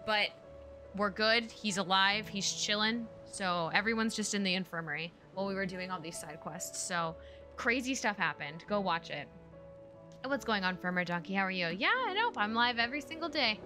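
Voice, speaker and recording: An excited young woman streams a game and rambles through a casual recap, full of fillers. Her voice sits at a middle pitch. Game music plays behind her. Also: normal speed. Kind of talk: casual let's-play recap.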